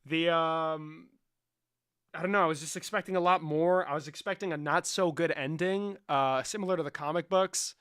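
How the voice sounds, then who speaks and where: A man's voice: on the high side, fairly even intonation, moderate pace, fairly bright tone, clean tone. A young adult man streaming live, chatting casually with his chat in a profane, rambling and joking way. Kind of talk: casual livestream chat, answering chat.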